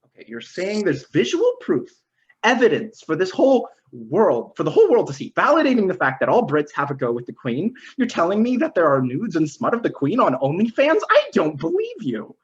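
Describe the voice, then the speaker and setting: A man with a high-pitched voice, huge swings in pitch, and a fairly quick delivery plays an exasperated, straight-laced American guy who keeps protesting in disbelief. He sounds incredulous throughout, and the audio has its high frequencies cut off.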